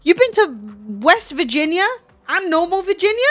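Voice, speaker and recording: British girl streamer, high voice, teasing and sweary, dry mic, bit of music behind. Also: expressive, normal speed, a bit bright, dry recording. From Britain. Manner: teasing, incredulous, swears freely. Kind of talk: casual chat with a guest.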